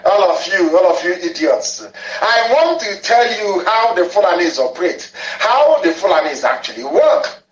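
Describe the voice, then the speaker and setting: A man's voice: high voice, big pitch swings, moderate pace, echoey room, lo-fi sound. A man giving a fiery, insulting live political broadcast, repeating himself for emphasis.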